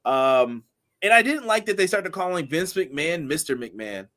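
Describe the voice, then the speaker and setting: Guy co-hosting a wrestling podcast, kinda high voice, laughs a lot, reads chat comments. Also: sing-song, normal speed, sharp tone. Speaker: podcast co-host. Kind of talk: casual wrestling review chat.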